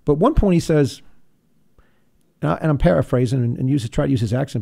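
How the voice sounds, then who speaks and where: Gravelly, earnest talk radio host. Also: male voice, medium pitch, expressive, fast talker, pauses often, warm tone. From Rhode Island. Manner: earnest, restless, repeats words when pushing a point. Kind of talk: political talk radio monologue.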